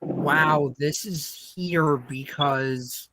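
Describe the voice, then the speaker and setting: Male guest, earnest and halting, slightly high voice, noisy recording. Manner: slow, earnest, searching for words. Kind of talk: casual chat. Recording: noisy line with clicks.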